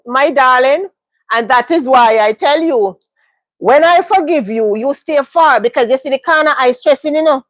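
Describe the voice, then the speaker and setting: A woman's voice: fairly high pitch, no echo, clean studio sound. A woman, giving emphatic life advice in a casual livestream monologue and repeating phrases for stress. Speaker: livestream host.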